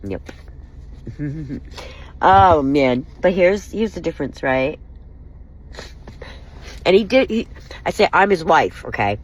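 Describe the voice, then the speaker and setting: A low-voiced woman vlogger vents her personal hurt straight to the camera, angry, wounded and swearing. She speaks slowly and animatedly with long pauses, and the audio quality is poor.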